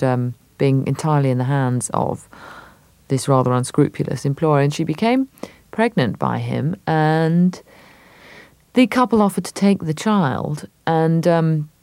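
An English actress as a radio interview guest, telling stories thoughtfully with many hesitations. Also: female voice, very deep voice, creaky, a little mellow, no echo.

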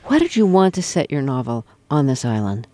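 A man's voice: mid-range voice, big pitch swings, fairly quick, warm tone, dry recording. A man hosting an interview, asking brief, direct questions. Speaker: interviewer host. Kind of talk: radio interview.

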